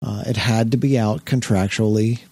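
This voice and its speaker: A man's voice: fairly low pitch, steady tone, normal speed, warm tone, husky, no room sound. A man co-hosting a casual podcast, chatting in a rambling way with frequent restarts and asides. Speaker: podcast co-host. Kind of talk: casual chat.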